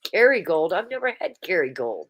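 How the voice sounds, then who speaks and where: A woman's voice: on the low side, big pitch swings, a little fast, crowd noise. A woman hosting a casual livestream, chatting and reading viewer comments aloud. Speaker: livestream host.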